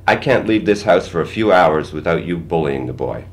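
A man voicing a firm, protective working mother who stays steady and calm, speaking gently to her children. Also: sits low, moderate pace. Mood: stern.

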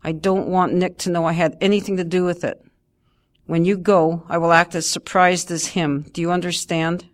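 A woman voicing a bitter, harsh middle-aged mother who scolds stiffly and loudly. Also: on the low side, little pitch movement, moderate pace, lightly acted.

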